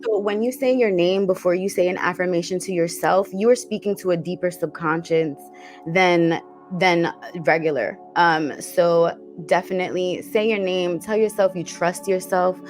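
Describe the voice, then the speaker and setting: A woman hosting a dream interpretation show, speaking gently and emotionally, slowly repeating comforting affirmations. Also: fairly low pitch, steady tone, soft background music. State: emotional, teary. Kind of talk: warm encouraging talk show chat.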